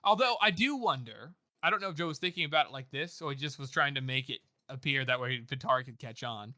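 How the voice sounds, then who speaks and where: A man's voice: medium pitch, animated, fast, pushed and bright, dry recording, clean studio sound. A man co-hosting a podcast, talking in a loose, rambling way full of "like" and "you know" and frequent laughter. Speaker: podcast co-host. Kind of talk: casual book discussion chat.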